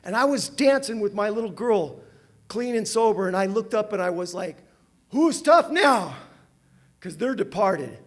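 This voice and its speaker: An older man from Southern California gives a personal storytelling talk at a recovery meeting, animated and self-mocking, and laughs often. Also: sits high, moderate pace. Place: meeting hall with audience.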